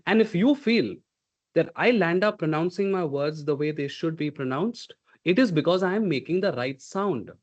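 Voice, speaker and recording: A man's voice: fairly high pitch, animated, moderate pace, highs cut off. A man coaching pronunciation in a live online workshop. He speaks emphatically, demonstrates sounds aloud and keeps checking in with "okay?". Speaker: communication coach.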